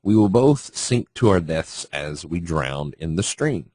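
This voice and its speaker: A man's voice: low-pitched, lively intonation, a little slow, a little mellow, breathy edge, no echo, voice pushed down, heavily acted. A man voicing a sly scorpion in a fable. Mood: coaxing. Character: scheming scorpion begging a ride.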